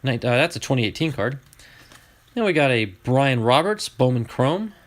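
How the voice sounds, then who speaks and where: Man, card-opening streamer, casual chat, talks to viewers, animated pitch. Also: moderate pace. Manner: chatty, excitable, talks to viewers.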